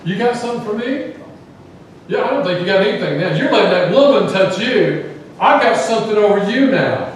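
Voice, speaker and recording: Preacher putting on a snide pharisee guy, higher and louder, mocking, echoey church heard from far off. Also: expressive, brisk, a little hiss or hum. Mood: sarcastic. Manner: mocking, defiant. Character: sarcastic, smug male Pharisee host.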